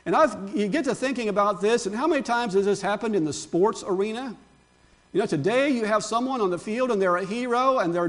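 An older man, a pastor, giving a Palm Sunday sermon, with animated preaching and chatty asides to his congregation. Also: sits high.

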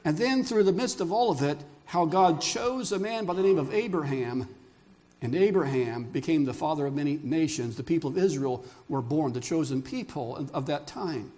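A high, bright-pitched older man delivers a sermon. He tells stories with animation and keeps asking his listeners questions. He speaks as a pastor before a congregation in church. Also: moderate pace. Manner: animated storyteller who asks the congregation questions.

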